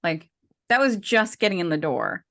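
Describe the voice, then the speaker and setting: A woman's voice: on the low side, big pitch swings, normal speed, vocal fry, fairly bright tone. A woman co-hosting a podcast, chatting casually and rambling with lots of fillers and restarts. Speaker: podcast co-host.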